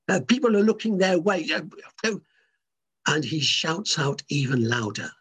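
A man preaching a sermon in an animated, emphatic way, often restarting his words. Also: a little high, moderate pace, husky.

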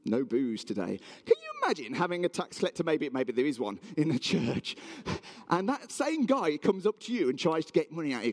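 A preacher with a high voice tells a Bible story in his sermon at a fairly quick pace, animatedly acting out the townspeople's voices. The sound has a big-room quality.

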